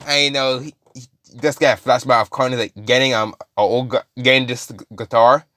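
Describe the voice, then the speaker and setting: A man's voice: medium pitch, steady tone, a little fast, sharp tone, no room sound, studio quality. Rambling man telling a story. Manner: rambling, many fillers and restarts. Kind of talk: casual storytelling.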